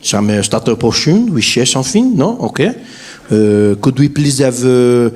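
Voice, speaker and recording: A man voicing a hesitant customer who haltingly orders food, full of drawn-out "uh" fillers. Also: medium pitch, animated, a little mellow, slightly rough, pitched below the performer's own voice. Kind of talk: stand-up comedy bit.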